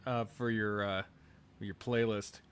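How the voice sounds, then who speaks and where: A man's voice: lowish voice, level tone, slow pace, a bit bright, smooth. A man casually commenting on a game during a live stream, joking, laughing and swearing freely.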